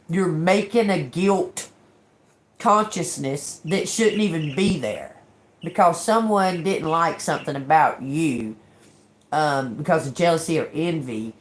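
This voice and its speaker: A woman tarot reader hosting a livestream, ranting in a casual way. She is animated, laughs often, swears freely, and acts out quoted exchanges. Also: lowish voice.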